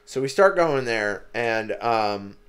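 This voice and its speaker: Brief: young male podcast co-host, mid-pitched, loose rambling storyteller who swears freely. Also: animated, slow pace, fairly bright tone, clear, resonant tone. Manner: rambling storyteller, lots of "like" and cursing. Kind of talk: casual chat.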